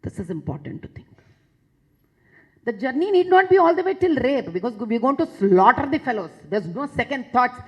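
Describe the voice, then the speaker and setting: Indian woman addressing a session, husky voice pitched a little high, emphatic and repetitive delivery. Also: big pitch swings, moderate pace, highs cut off. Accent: Indian English. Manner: emphatic, repeats phrases for force. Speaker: public speaker addressing a session. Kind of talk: impassioned public talk.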